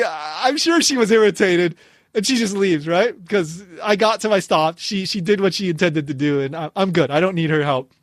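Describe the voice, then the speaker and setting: A man hosting a podcast, telling a story in a casual and animated way. He laughs often and restarts his phrases a lot. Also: high voice, normal speed, no echo, studio quality. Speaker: podcast host.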